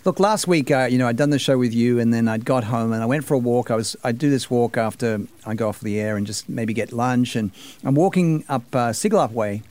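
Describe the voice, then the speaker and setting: A man in his fifties co-hosting a radio show, telling a story in a relaxed way with fillers. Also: mid-range voice, a little fast. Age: 50s. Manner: relaxed, frequent fillers and backchannel agreement. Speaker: radio host. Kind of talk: casual radio chat.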